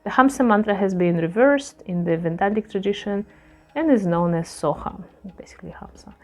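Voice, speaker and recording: A woman teaching yoga who reads passages from a scripture and then explains them loosely in her own words, with many pauses and fillers. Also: medium pitch, animated.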